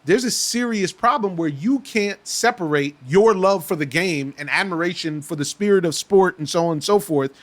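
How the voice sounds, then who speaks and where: A man with a notably high speaking voice argues his case with passion. He talks in a casual discussion, circling back and repeating phrases as he builds momentum. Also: moderate pace, few pauses, fairly bright tone. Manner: impassioned, repetitive, restarts phrases. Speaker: podcast guest. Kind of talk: casual talk show discussion.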